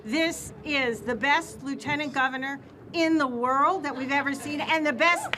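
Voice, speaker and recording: A woman's voice: sits high, moderate pace, bright, forceful tone, a little hiss or hum. A woman giving effusive, emphatic remarks at a public ceremony. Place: outdoor ceremony.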